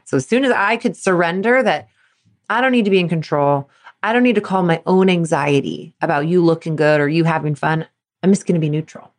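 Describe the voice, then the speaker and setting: A woman in her thirties, a performance coach, hosts a solo podcast with a fairly low voice and a brisk pace. She talks candidly to sports parents and acts out her younger self in quotes.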